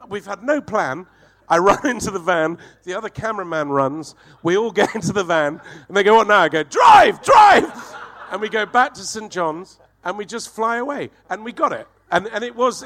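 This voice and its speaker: Comedian guy, kinda high voice, swearing a lot and laughing through a story. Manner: profane, animated, laughs while telling. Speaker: comedian guest. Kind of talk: anecdotal storytelling.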